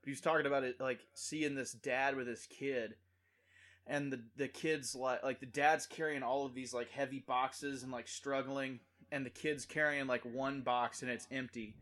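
A young man chatting casually, rambling through a story with lots of fillers and breaking into loud, high-pitched impressions of the people in it. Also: steady tone, normal speed. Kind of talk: casual chat.

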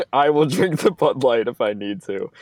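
A man co-hosting a casual podcast, wry and animated as he jokes along. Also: medium pitch, unhurried, no echo. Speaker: podcast co-host. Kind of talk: casual chat.

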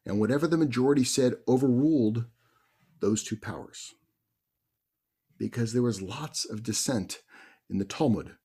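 A man who is a rabbi, telling stories in a conversational, animated sermon. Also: medium pitch, moderate pace, long pauses, husky. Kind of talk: sermon storytelling.

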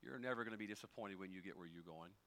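A man preaching a sermon as pastor, folksy and conversational, moving between quiet storytelling and loud, rising exhortation. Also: low-pitched, very fast.

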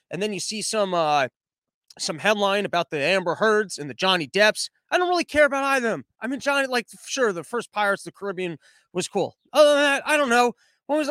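A man's voice: high-pitched, bright, forceful tone, no room sound. A man hosting a podcast in a comedic monologue. He talks sarcastically and rambles off on tangents. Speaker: podcast host.

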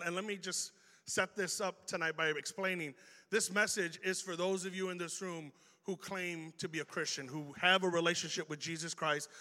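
Animated Chicago preacher, bright, echoing hall. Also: male voice, high-pitched. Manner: animated and conversational, acting out quoted exchanges. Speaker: youth preacher. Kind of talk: sermon. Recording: long hall reverb.

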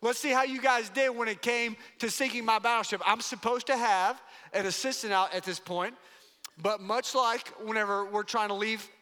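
A male pastor preaching from the stage of a large church, his voice high and bright, ringing with long hall reverb. He delivers the sermon with emphatic, playful energy. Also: steady tone, moderate pace.

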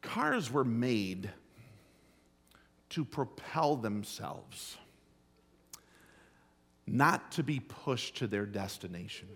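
A middle-aged man preaching a sermon as pastor, telling a folksy story with emphatic, drawn-out phrasing. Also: medium pitch, very animated, a bit bright, slightly rough. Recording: long hall reverb.

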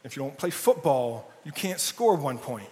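A man's voice: mid-range voice, big pitch swings, normal speed, warm tone, in a large hall. A man preaching a casual, humorous sermon, often checking in with "right?". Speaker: pastor. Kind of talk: conversational sermon. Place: church sanctuary.

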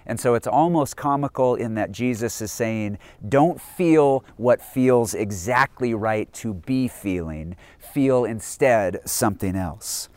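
A male pastor delivers a sermon in a mid-range voice, moving between quiet, reflective passages and loud, emphatic bursts. The sound is dry and close, with almost no room echo. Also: medium pitch. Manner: expressive preaching, swings from hushed to emphatic.

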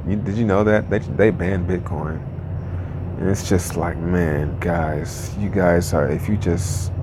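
A man's voice: low voice, noisy background. A man ranting casually in a vlog, rambling and frustrated, with many restarts. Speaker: crypto video creator.

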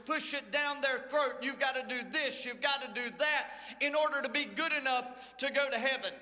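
High, bright-voiced preacher man. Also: big-room sound. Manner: folksy storytelling with dramatic Bible reading. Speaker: lead pastor. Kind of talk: sermon. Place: church sanctuary.

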